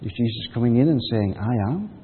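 A man's voice: medium pitch, lively intonation, brisk, a little hiss or hum. A man giving a sermon, telling the story in a conversational way and acting out the quotes. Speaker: preacher. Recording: phone-like audio with long hall reverb.

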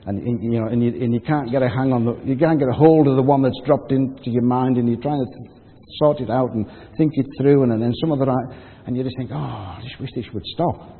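Husky preacher in a reverberant hall. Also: male voice, medium pitch, fast, few pauses. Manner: conversational storytelling, acts out quotes. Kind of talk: sermon. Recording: phone-like audio with long hall reverb.

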